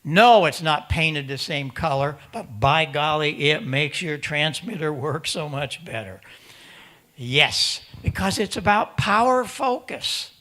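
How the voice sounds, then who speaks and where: Man, emphatic conference presenter with a higher voice, punchy delivery into a handheld mic. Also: slow pace. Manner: animated, emphatic, repeats words; acts out voices of other hams. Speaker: presenter at a ham radio symposium. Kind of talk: lively conference talk. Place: conference room in front of an audience.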